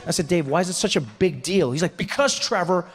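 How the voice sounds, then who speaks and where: A man from South Africa performing a stand-up comedy set, animated and acting out other people's voices. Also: high voice, a little fast. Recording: live hall reverb, faint audience noise.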